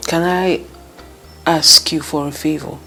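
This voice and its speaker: An actress playing a calm, earnest friend who gently advises and pleads. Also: female voice, low voice, slow, faint music behind, full character voice. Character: caring young woman advising a heartbroken friend. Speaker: friend giving advice. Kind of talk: Nollywood film acting.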